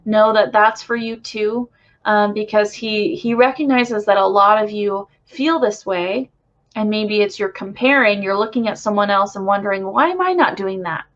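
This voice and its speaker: A young woman with a stuffy nose from crying, gently and reassuringly relaying a channeled spiritual message to viewers, rambling a little with fillers. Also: medium pitch, steady tone, normal speed. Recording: dull lo-fi home recording.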